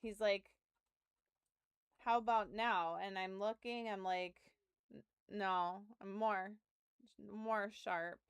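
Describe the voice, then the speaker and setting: A woman's voice: medium pitch, fairly even intonation, slow, long pauses, clean tone, dry recording, muffled recording. A young adult woman streaming from home, telling a story in casual chat with laughs and profanity, close to her mic. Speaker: game streamer.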